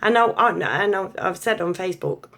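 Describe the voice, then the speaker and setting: Gravelly-voiced sweary English woman. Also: mid-range voice, normal speed. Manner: blunt, sweary, animated and chatty. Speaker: vlogger. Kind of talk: casual opinion rant to camera.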